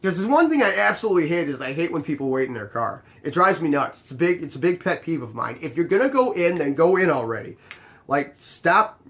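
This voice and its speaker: Animated young man telling a bar story. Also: fairly high pitch, fairly quick. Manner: animated, exasperated, acts out both sides of dialogue. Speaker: bar bouncer telling stories. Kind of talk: casual storytelling to camera.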